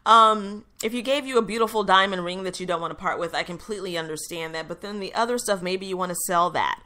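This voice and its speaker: Bright-voiced chatty woman radio host. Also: medium pitch, quick pace. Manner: chatty, upbeat, frequent fillers and self-corrections. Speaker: radio show host and intuitive reader. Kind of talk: casual solo radio talk.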